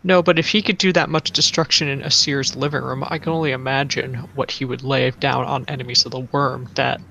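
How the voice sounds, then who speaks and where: A man with a gravelly yet bright voice jokes his way through a tabletop role-playing game. Faint background noise hangs behind him. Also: mid-range voice, steady tone, fairly quick. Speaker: player.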